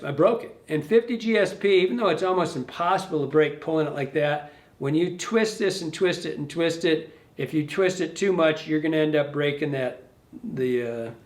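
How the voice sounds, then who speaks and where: Man, fly tying instructor, loose rambling delivery, pitched a bit high, roomy echo. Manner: rambling, self-correcting, talks to the fly as he works. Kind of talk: casual hands-on tutorial. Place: fly shop tying bench.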